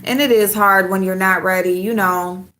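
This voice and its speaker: A woman's voice: medium pitch, steady tone, moderate pace, bright, forceful tone. A woman vlogger chatting casually and loosely with her viewers, rambling and laughing often. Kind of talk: casual live chat with viewers.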